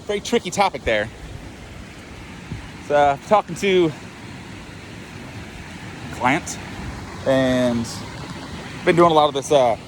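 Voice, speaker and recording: A man's voice: a little high, a little hiss or hum. A man and life coach talking in a rambling, profane, self-mocking way in a casual monologue.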